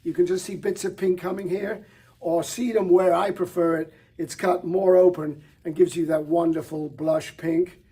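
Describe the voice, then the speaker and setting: A man's voice: sits high, level tone, moderate pace, dark tone, husky. A middle-aged man presenting flowers with enthusiasm, chatty, with fillers and small restarts. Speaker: florist presenter. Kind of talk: product showcase demonstration.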